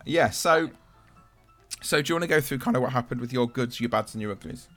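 A man's voice: mid-range voice, a little fast, a bit bright, faint music behind. A man in his thirties hosting a podcast, chatting casually and teasing his co-hosts. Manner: joking, teasing. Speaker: podcast host. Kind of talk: casual chat.

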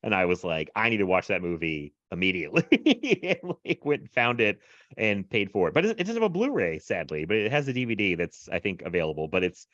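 A man's voice: on the low side, sing-song, fairly quick, a bit bright, no room sound, lo-fi sound. A man co-hosting a podcast in casual chat, rambling with lots of fillers and frequent laughs. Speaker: podcast co-host.

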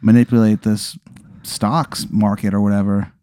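A man playing an improvised comedy scene, excitable and swearing a lot. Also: fairly low pitch, normal speed, no room sound. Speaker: player. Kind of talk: improvised comedy role-play.

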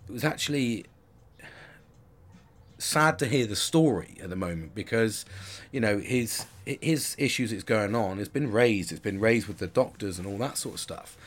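A man's voice: lowish voice, expressive, normal speed. Rambling man in his forties. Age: 40s. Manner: rambling, frequent restarts, casual swearing. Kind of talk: candid personal monologue.

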